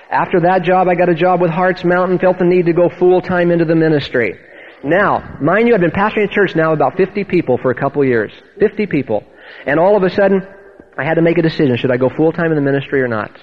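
A male pastor with a high voice tells a lively testimony from the pulpit, acting out the people in his story. The recording is dull and lo-fi.

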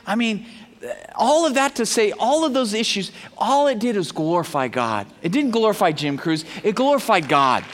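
High-voiced pastor preaching in a hall. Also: male voice, very animated, normal speed. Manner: storytelling, acts out quoted voices, casual slang. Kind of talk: sermon with anecdotes.

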